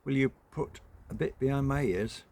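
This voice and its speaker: A man's voice: medium pitch, normal speed, a little mellow, pitched above the performer's own voice, close to an everyday voice. A man voicing a foul-mouthed, bratty young girl in a storybook reading, with cheeky, scornful outbursts.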